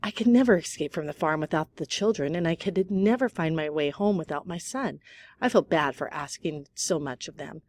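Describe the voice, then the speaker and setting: A woman voicing a gentle, polite female robot from a storybook, speaking softly and earnestly. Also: low-pitched, normal speed.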